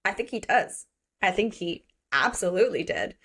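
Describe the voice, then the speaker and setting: A woman's voice: medium pitch, animated, normal speed, fairly bright tone, slightly rough. A young woman co-hosting a book podcast, chatting casually and reading passages aloud, giggly and full of "like". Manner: giggly, gushing, lots of "like". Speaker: podcast co-host.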